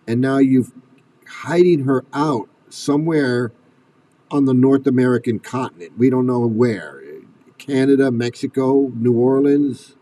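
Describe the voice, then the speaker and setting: A man's voice: mid-range voice, warm tone, distant mic, low-quality recording. A man delivering an angry commentary rant, swearing and firing off furious rhetorical questions. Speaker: commentary video host.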